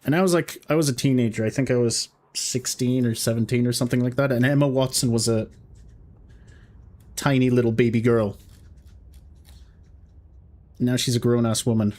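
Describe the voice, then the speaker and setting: A man's voice: mid-range voice, steady tone, moderate pace, pauses often, a little mellow. A man in his forties with a mix of British-school and Texan accent, chatting casually and self-deprecatingly while playing a game. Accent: mixed British-school and Texan. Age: 40s. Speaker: game streamer. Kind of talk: casual gaming commentary.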